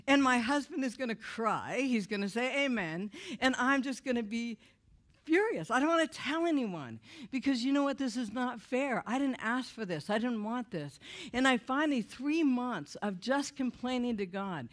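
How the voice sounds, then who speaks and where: A middle-aged woman giving an earnest, animated testimony to a church audience, her storytelling rising and falling with feeling. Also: normal speed. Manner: earnest, animated storytelling, voice rising when angry and dropping low when moved.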